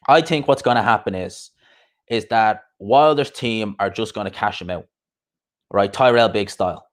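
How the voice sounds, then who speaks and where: A boxing podcast host rants bluntly and profanely on a casual live stream, firing off plenty of rhetorical questions. His voice is lowish and his pace moderate.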